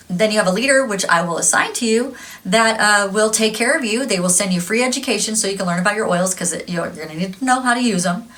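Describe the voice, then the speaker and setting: A woman's voice: medium pitch, a bit bright, poor audio. A woman giving a casual tarot reading, chatty and gushing, laughing often. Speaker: tarot reader.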